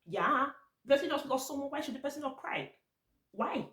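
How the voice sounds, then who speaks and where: A woman's voice: sits high, expressive, a little fast, fairly bright tone, roomy sound. A Nigerian woman vlogging to camera in a casual, blunt and exasperated way, slipping into Pidgin now and then.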